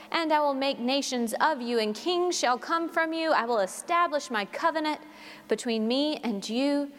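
A woman preacher reading scripture and giving a sermon in a measured, expressive storytelling manner. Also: on the high side. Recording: long reverb of a large hall.

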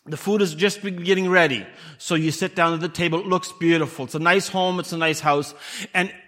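A pastor delivers a sermon in a conversational style, his voice a little high and a bit bright. He poses questions to the congregation and plays out small scenes with dialogue. The recording comes from a church hall with long reverb.

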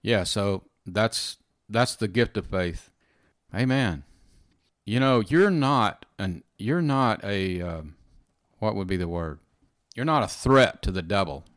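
Man, earnest Bible teaching, repeats himself, lowish voice, dry close sound. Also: no echo. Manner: earnest, repeats phrases, frequent "you know" and "amen". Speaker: preacher teaching in a conversation.

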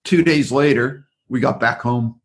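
A man's voice: mid-range voice, unhurried. An Australian man talking loosely in a casual interview, rambling through stories with frequent restarts. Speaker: interview guest, former aerial survey worker.

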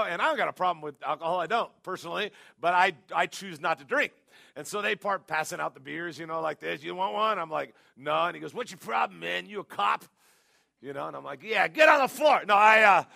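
High, gravelly, excitable male pastor. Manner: storytelling, punchy and excitable, big jumps to shouting. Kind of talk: sermon.

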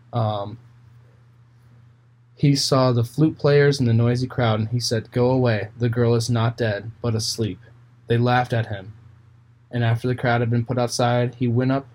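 A man's voice: mid-range voice, a little mellow. A man reading Bible passages aloud, then explaining them in plain, casual words with fillers and small restarts. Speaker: Bible reader and commentator. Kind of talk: casual scripture reading with commentary.

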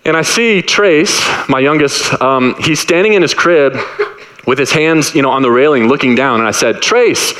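A man in his thirties preaching a sermon, telling family stories in a casual, animated way and acting out the voices of his kids. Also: medium pitch, low-quality recording. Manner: casual, repeats words and restarts. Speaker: pastor. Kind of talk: sermon with personal anecdotes.

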